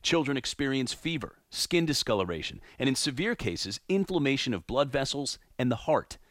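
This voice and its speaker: A male news correspondent narrating a report in a measured, formal delivery. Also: medium pitch, very animated, fairly bright tone, no room sound, studio quality.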